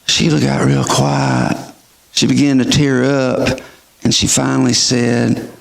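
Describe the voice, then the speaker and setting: Gravelly preacher, slow and expressive. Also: male voice, medium pitch. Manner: emphatic, rhetorical questioning of the audience. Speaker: pastor. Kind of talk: sermon.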